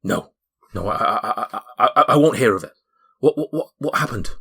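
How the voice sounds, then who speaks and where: A man's voice: lowish voice, normal speed, a bit bright, breathy edge. A man voicing a grateful, earnest male dwarf who stammers and repeats his words. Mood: shaken.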